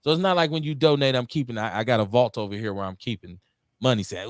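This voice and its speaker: A man hosting a community radio talk show, preaching with heat, swinging between loud outbursts and low muttering, and swearing freely. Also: fast talker, no echo, studio quality. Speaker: host. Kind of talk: impassioned call-in radio talk.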